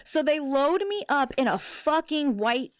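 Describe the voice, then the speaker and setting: A woman's voice: sits high, unhurried, slight background noise. A middle-aged woman hosting a podcast, telling a story in casual, profane chat and acting out the people she quotes. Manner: profane, animated, acts out quotes. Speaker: podcast host.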